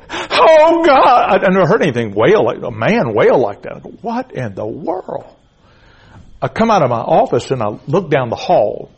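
A man's voice: mid-range voice, darkish tone, slightly rough, low-quality recording. A middle-aged man preaching a blunt, emphatic sermon, repeating phrases and calling out to the congregation. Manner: calls out to the congregation. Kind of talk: fiery sermon.

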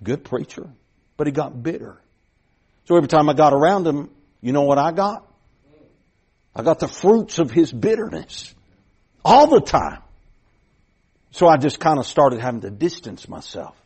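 A middle-aged preacher tells a folksy story from the pulpit. His husky voice sits a bit high and swings widely in pitch. He circles back with repeated starts, then pushes hard on his points. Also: big pitch swings, normal speed, long pauses, darkish tone. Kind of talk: sermon storytelling.

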